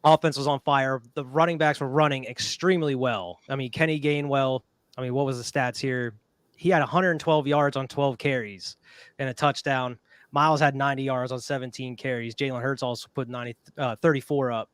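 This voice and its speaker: A man's voice: mid-range voice, steady tone, a little fast, clean tone, dry recording. Upbeat man rattling off game stats. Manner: upbeat stat-listing fan with filler "I mean". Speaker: podcast co-host. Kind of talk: casual sports podcast chat.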